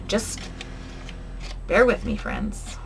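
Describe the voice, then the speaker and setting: A woman's voice: a bass voice, huge pitch swings, drawn-out words, creaky. A woman hosting a crafting vlog, chatting casually and humming and muttering to herself as she works. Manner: chatty, hums and mutters to herself while working. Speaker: crafting channel host. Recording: noticeable background noise.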